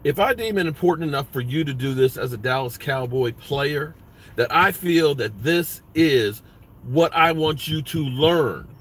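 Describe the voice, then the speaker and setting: A man's voice: a little high, expressive, measured pace, a bit bright, breathy edge. A man hosting a sports vlog, ranting bluntly with lots of profanity. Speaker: sports vlogger.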